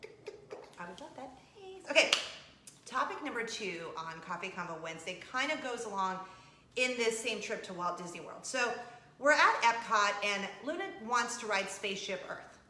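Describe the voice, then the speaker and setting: A woman's voice: medium pitch, a little fast, roomy sound, slight background noise. A woman vlogger, chatting casually and playfully with her viewers. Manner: chatty and animated, with laughs and playful asides. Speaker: vlog host. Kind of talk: casual chat.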